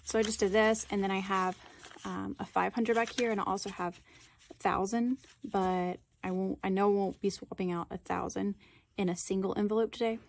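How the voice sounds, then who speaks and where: A woman's voice: medium pitch, steady tone, moderate pace, creaky, a little hiss or hum. A young woman chatting casually on her budgeting vlog while sitting on the floor at home, self-deprecating and counting bills aloud. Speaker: budgeting vlogger.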